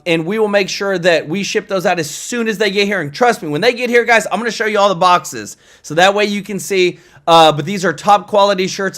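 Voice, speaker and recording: A man's voice: sits high, a bit bright. A man hosting a casual news livestream, chatty and thanking viewers for their super chats.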